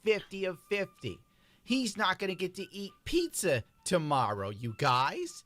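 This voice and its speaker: A man narrates a commentary video with biting sarcasm and mockery. His voice is bright and rather high, with animated swings in pitch. Faint music plays behind him. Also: a little slow, no echo. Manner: mocking, sarcastic.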